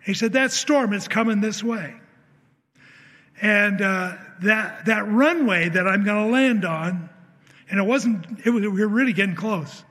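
A man preaches a sermon built around a personal story, earnestly acting out the dialogue and frequently restarting his sentences. His voice sits high and is a bit bright, his pace a little slow, and long hall reverb surrounds him.

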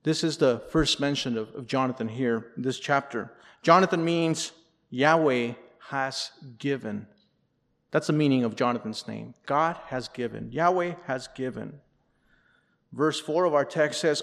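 A man's voice: medium pitch, a little slow. A male pastor preaching a sermon, reading scripture aloud expressively and adding asides. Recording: long reverb in a large hall.

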